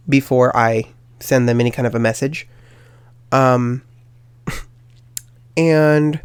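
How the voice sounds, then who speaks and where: Young man with gravelly, dry voice. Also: medium pitch, no echo. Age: young adult. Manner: rambling, self-deprecating, many fillers. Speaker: podcast host. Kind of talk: casual storytelling monologue.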